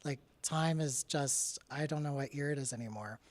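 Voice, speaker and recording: A young adult artist from Canada talks through their own work in a loose, candid presentation. The delivery is chatty and full of "like" and "uh", with a laugh slipping in from time to time, and the pitch sits at a middle level. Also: normal speed. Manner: candid and chatty, with frequent "like" and "uh" fillers; laughs now and then while speaking. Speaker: artist giving a talk. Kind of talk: casual presentation about their artwork.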